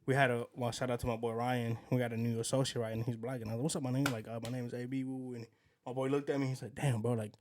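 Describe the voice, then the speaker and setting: A man's voice: medium pitch, little pitch movement, rapid-fire, a little mellow, slight background noise. A man co-hosting a podcast, telling rambling stories in casual chat and acting out what people said. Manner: rambling storyteller, acts out quotes. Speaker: podcast co-host.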